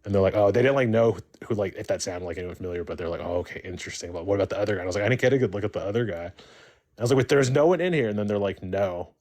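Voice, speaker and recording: A man with a very deep voice tells a story casually, with many "like" fillers and restarts. He speaks plainly and unhurriedly, as if chatting on a live call. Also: rapid-fire, a little mellow. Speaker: caller.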